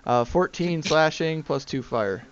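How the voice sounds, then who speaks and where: A man playing a tabletop game, upbeat and a little rushed. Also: a little high, animated, clean tone, dull audio. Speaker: player.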